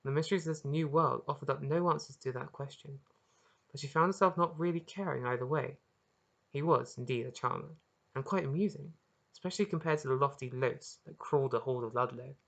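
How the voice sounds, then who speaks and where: An author reading their own story aloud as narration, earnest and expressive, with occasional small restarts. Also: mid-range voice, fairly quick, gravelly. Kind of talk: audiobook narration.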